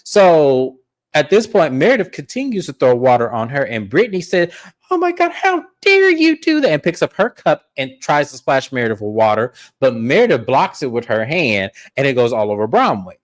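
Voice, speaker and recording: Profane, animated male recap host. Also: medium pitch, a little fast. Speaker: podcast host. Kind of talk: casual recap chat.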